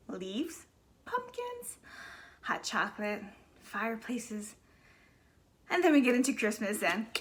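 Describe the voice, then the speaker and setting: A woman's voice: fairly high pitch, bright, forceful tone. A middle-aged woman chatting casually to her viewers as a vlogger, telling a story with lots of quoted voices. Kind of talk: casual chat.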